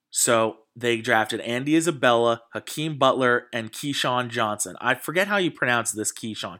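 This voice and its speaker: A man hosts a casual sports podcast, talking through his opinions with eager enthusiasm. His voice is bright and forward, and he often stumbles, restarts and fills gaps with "uh" and "like". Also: mid-range voice. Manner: enthusiastic, with frequent fillers and restarts. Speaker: podcast host.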